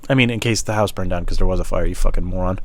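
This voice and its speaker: A man's voice: sits low, racing, dry recording. A man hosting a rambling solo podcast, self-deprecating and swearing a lot, a bit out of breath as he smokes on the wooden basement stairs at home into a small wired microphone. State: out of breath, smoking. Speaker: podcast host.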